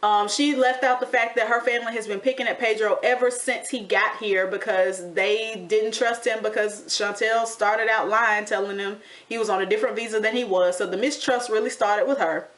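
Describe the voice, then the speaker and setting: A woman giving a casual, sassy recap of a reality TV show, chatty and animated, with slang like honey and y'all. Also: mid-range voice, normal speed, hardly any pauses. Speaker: TV recap vlogger.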